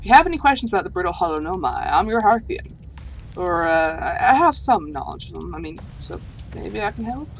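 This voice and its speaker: A woman's voice: lowish voice, sing-song, a little fast, vocal fry, slight background noise. A woman doing a nervous alien archaeologist with a drawl. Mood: amazed. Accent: put-on southern US. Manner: earnest, rambling, easily amazed. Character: timid, curious alien archaeologist, afraid of space. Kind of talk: reading game dialogue aloud.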